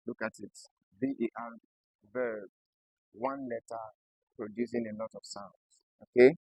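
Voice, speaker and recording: Slow, gravelly-voiced male English teacher. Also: mid-range voice, lively intonation, warm tone, dry recording, poor audio. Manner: slow, deliberate, spells out letters and checks in with the class. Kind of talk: classroom lesson at a board.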